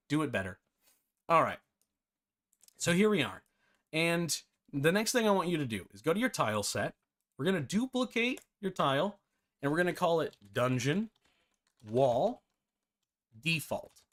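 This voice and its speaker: A man's voice: on the high side, a bit bright. A man hosting a live-streamed game development tutorial, chatty and self-deprecating, often breaking into laughter.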